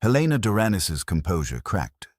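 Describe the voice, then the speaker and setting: A man reading first-person mystery narration in a measured, wry and period-formal manner. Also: deep voice, sing-song, dry recording, studio quality.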